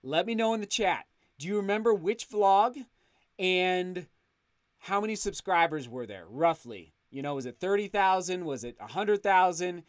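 Excited high-voiced man hosting a live stream. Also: normal speed, dry recording, studio quality. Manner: enthusiastic, grateful, often restarts words. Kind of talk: live stream chat, reading super chats. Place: home studio indoors.

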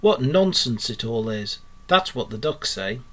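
A male teacher reading a storybook aloud, voicing a cheerful, good-natured male water rat in a bright, hearty way. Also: mid-range voice, expressive, unhurried.

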